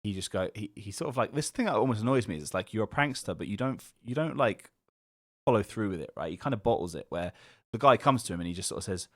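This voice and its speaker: A man with a low voice talks fast and loosely on a podcast, piling up fillers, restarts and the odd curse as he retells a story. The sound is dry and close, with no room around it. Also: no echo. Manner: rambling, animated retelling with frequent fillers and swearing. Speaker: podcast co-host. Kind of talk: casual chat.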